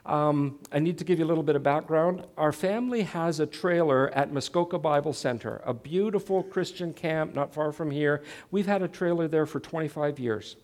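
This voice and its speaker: A man's voice: on the high side, normal speed, hardly any pauses, a little mellow. A middle-aged man telling a personal story in a sermon, poking fun at himself and acting out the dialogue. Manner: self-mocking, dramatizes quoted dialogue. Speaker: Christian speaker.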